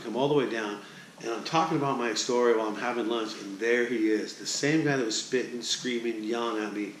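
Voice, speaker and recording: Male sports announcer, mid-pitch, animated and chatty, straight-to-camera vlog delivery, faint noise behind. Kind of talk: casual vlog storytelling.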